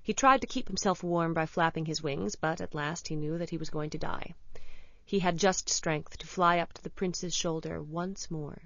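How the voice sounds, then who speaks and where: Low-voiced woman reading a fairy tale. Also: dry recording. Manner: measured and expressive. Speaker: narrator. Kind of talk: storybook reading for radio. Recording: dull lo-fi radio recording.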